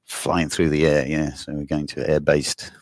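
A man's voice: rumbling low, little pitch movement, normal speed, no echo, clean studio sound. A man talking in a loose, rambling casual conversation, swearing offhandedly and laughing often.

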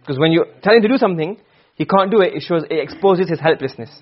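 A man teaching Arabic grammar to a class, asking questions and answering them himself, and reciting verses slowly. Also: a little high, lively intonation, dull audio. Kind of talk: classroom lecture.

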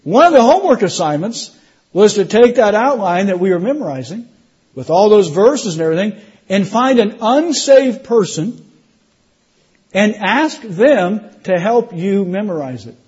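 A middle-aged man delivers a sermon testimony, stumbling over restarts and then lifting his voice for emphasis. His voice sits high and sounds husky. The recording is dull and muffled. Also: big pitch swings, a little slow, darkish tone. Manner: storytelling with restarts, rising emphasis. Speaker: preacher.

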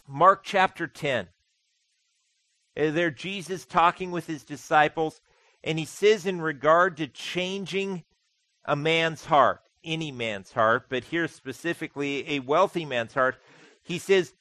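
A man's voice: on the high side, a little slow, sharp tone, no echo, rough recording. A man preaching a sermon as pastor, conversational with dry humor and emphatic repetition. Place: church sanctuary.

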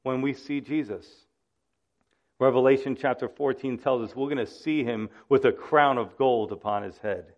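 A man's voice: medium pitch, normal speed, dull audio. A man preaching a sermon, acting out the voices in the stories he tells. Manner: dramatic, acts out quoted voices. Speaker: pastor.

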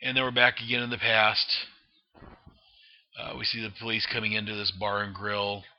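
A man's voice: fairly low pitch, flat delivery, moderate pace. A man casually narrating and describing a comic book, rambling with many fillers and restarts, on a dull lo-fi recording. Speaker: comic book reader and reviewer.

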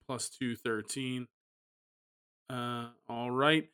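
Bright, crisp-voiced man hosting a podcast. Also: mid-range voice. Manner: runs the picks, quick laughs, reads odds in a flat list. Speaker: podcast host. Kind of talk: casual sports betting podcast chat.

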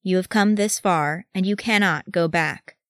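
A woman voicing a stern, haughty male elf guard who speaks in a slow, measured, cold way, recorded dry. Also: on the low side, no echo.

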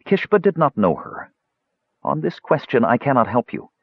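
A man's voice: medium pitch, big pitch swings, moderate pace, creaky, husky, dry recording, voice pushed up, heavily acted. A man voicing an earnest, secretive male dwarf juggler who speaks cryptically, on a dull lo-fi recording.

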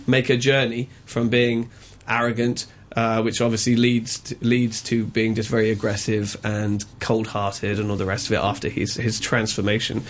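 A man's voice: on the low side, little pitch movement, moderate pace, hardly any pauses, a little hiss or hum. Chatty, opinionated man reviewing films. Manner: opinionated, chatty, frequent ums and uhs. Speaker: film reviewer. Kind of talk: casual radio chat.

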